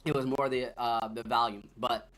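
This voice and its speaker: A man's voice: mid-range voice, steady tone, moderate pace, a bit bright. A man hosting a stock trading livestream, talking loosely and straight to his viewers in casual chat.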